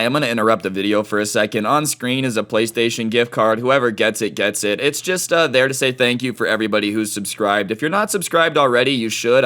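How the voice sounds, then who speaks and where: A man telling a personal story in casual slang, full of "dude" and "like", with lively swings in pitch. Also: smooth. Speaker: storytime YouTuber.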